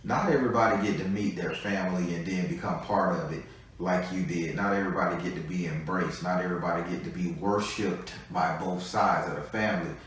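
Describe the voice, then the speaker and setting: A man giving a live tarot reading talks bluntly and chattily, swearing a good deal. His deep voice is steady in tone, fairly quick, and a bit bright. The room is echoey and he sounds distant from the mic.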